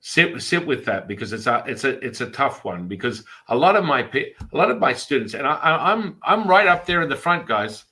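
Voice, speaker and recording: Man, podcast host, priest, casual storytelling, crisp bright tone, animated, acts out quotes. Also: medium pitch, fairly quick, few pauses, low-quality recording. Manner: animated, rambling, with restarts and acted-out quotes.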